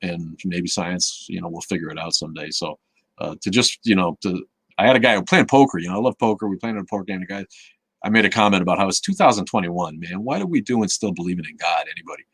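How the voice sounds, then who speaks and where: A man's voice: low-pitched, expressive, fast, vocal fry, husky, dry recording. A man hosting a live Q&A stream in casual chat, rambling and cursing, with many restarts and fillers, reading chat comments aloud.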